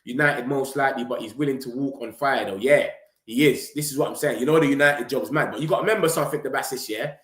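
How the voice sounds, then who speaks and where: A young man, chatting casually and excitedly to his viewers in street slang, running his words together. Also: medium pitch. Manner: excitable, slangy, rapid run-on talk. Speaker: football vlogger streaming to viewers. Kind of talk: casual live-stream chat. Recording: roomy echo.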